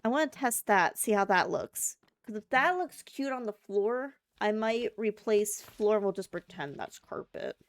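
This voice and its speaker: Bubbly woman streamer, lively voice. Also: mid-range voice, normal speed, hardly any pauses, no room sound. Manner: chatty, bubbly, thinks aloud with fillers. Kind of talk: casual live-stream chat while gaming.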